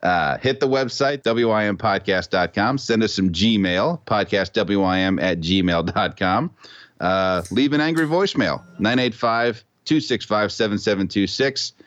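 Profane joking podcast host. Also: male voice, fairly low pitch, unhurried, fairly bright tone, no echo, lo-fi sound. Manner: joking, profane, laughs often. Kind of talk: casual podcast banter.

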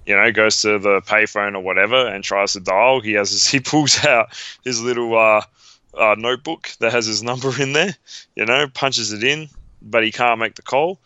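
A man's voice: fairly low pitch, moderate pace, sharp tone, clear, resonant tone, no echo, dull audio. A man, co-hosting a podcast in casual chat, enthusiastic and emotional, often repeating his words. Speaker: podcast co-host.

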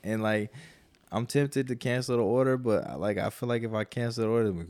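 A man's voice: mid-range voice, steady tone, brisk, a little mellow, dry recording. A man co-hosting a podcast, telling a long, profane story in a casual, rambling way and quoting people as he goes. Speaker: podcast co-host.

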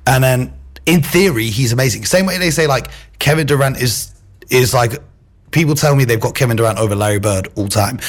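A man guesting on a casual podcast with a husky, breathy edge to his voice. He talks in an animated, opinionated way and laughs easily. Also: mid-range voice. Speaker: podcast guest, basketball game marketer.

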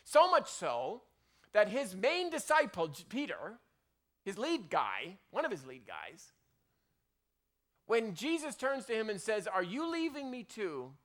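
A man pastor preaching a sermon in a conversational way, with many restarts and loud emphatic peaks. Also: high voice, huge pitch swings, a little slow, pauses often.

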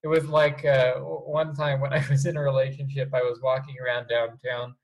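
A man's voice: medium pitch, little pitch movement, a little fast. A young man co-hosting a podcast, telling rambling, self-deprecating stories in casual chat. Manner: rambling, self-deprecating storyteller with frequent restarts. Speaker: podcast co-host.

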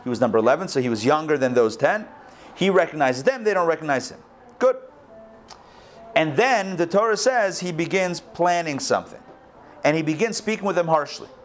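A man teaching a live Torah class as a rabbi, telling the story with lively, acted-out lines. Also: a little high, a little hiss or hum. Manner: animated storytelling, acts out quoted lines. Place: school hall, recorded live.

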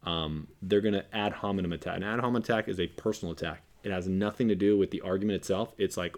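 Man, low voice, earnest podcast guest, repeats himself for emphasis. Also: quick pace, few pauses. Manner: earnest, preachy, acts out quoted lines. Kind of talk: casual podcast discussion.

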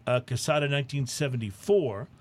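A man hosting a casual talk show, chatting in a relaxed, easygoing way. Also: medium pitch, a little fast. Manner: relaxed, chatty, hesitant restarts. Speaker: podcast host. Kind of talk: casual chat.

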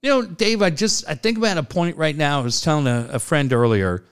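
A middle-aged man in a casual chat, telling stories with lots of swearing and loud quoted voices. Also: fairly high pitch, lively intonation, fairly quick, clear, resonant tone. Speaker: storyteller in a chat.

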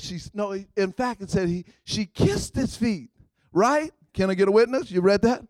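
A man preaching a sermon in call-and-response style, repeating phrases and swinging between loud outbursts and hushed lines. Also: high-pitched, normal speed, dry recording. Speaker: guest preacher.

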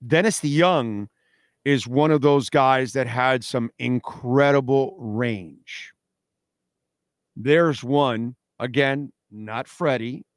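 A man's voice: mid-range voice, clean tone, no room sound, studio quality. A man hosting a radio show, talking casually and emphatically, often repeating himself and answering listener comments. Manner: emphatic, repeats "no, no, no", reacts to chat. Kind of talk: casual opinionated radio talk. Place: radio studio.

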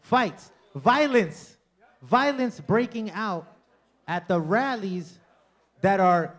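Loud, profane man doing stand-up. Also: sits high. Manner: loud, profane, crowd-working, mocking impressions. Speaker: stand-up comedian. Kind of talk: stand-up comedy set. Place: comedy club with bar.

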